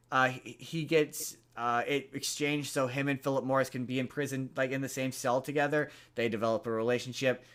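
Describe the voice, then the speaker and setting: A man's voice: mid-range voice, steady tone, moderate pace, fairly bright tone, clear, resonant tone. A man hosting a podcast, casually retelling a movie plot in a rambling way, with lots of fillers and restarts. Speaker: podcast host.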